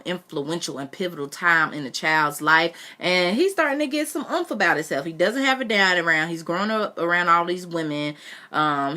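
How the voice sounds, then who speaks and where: A woman reading a book aloud, breaking off to reflect in a chatty way with fillers. Her voice sits low but sounds bright and forceful. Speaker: reader. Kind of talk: reading aloud with personal commentary.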